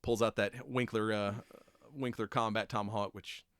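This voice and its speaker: A man's voice: fairly low pitch, fairly even intonation, normal speed, a bit bright, clean tone, dry recording. A man hosting a podcast, chatting casually through a TV episode recap, swearing freely, laughing often and acting out the characters' lines. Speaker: podcast host.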